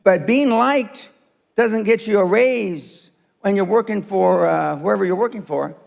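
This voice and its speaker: A man's voice: high-pitched, measured pace, vocal fry, a little mellow, big-room sound. An older man giving a blunt, profane and confrontational seminar speech to a live audience. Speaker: motivational speaker. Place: seminar room.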